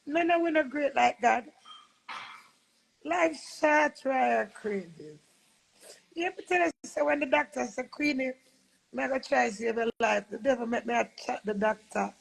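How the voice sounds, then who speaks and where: Gravelly Jamaican woman preaching forgiveness. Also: high-pitched, animated, unhurried, low-quality recording. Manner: earnest, preachy, switching between patois and English. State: recovering from illness, tearful. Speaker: livestreamer. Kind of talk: emotional live-stream monologue.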